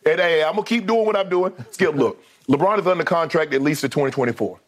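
A man co-hosting a lively sports debate show, animated and often raising his voice to quote players. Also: on the high side, fast talker.

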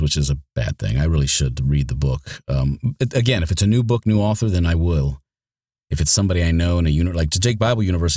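An audiobook narrator chats casually in an interview, rambling, restarting sentences, and repeating words often. He has a bass voice with a darkish tone, and the recording is dry with clean studio sound.

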